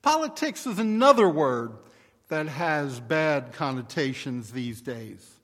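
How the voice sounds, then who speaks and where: Man, pastor, sermon, unhurried and measured, long church reverb. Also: on the high side, big pitch swings, fairly bright tone. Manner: measured, deliberate preaching.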